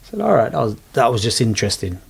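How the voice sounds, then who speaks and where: A man's voice: medium pitch, very fast, gravelly, breathy edge. A middle-aged man, animatedly telling his personal story as an interview guest in casual chat. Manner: animated storyteller, London slang.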